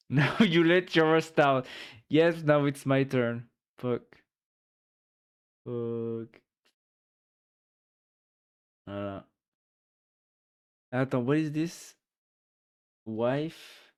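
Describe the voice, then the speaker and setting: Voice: mid-range voice, extremely slow, pauses often, clean tone. A streamer with a French accent chatting casually on a live stream, laughing often and swearing offhandedly.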